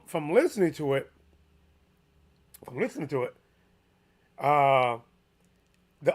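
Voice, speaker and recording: A man hosting a casual solo sports commentary, chatty and animated with lots of restarts, his voice a little hoarse. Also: sits high. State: slightly hoarse.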